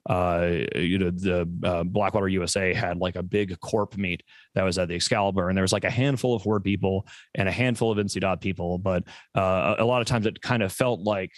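American male podcast co-host, low-pitched, profane rambler with stammering restarts, dry sound. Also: steady tone, fairly quick, dry recording. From USA. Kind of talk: casual chat.

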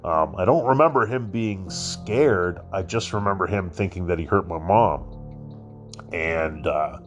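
A man's voice: sits low, a little slow, soft background music. A male podcast host telling a personal story casually, rambling and swearing, with lots of fillers and restarts.

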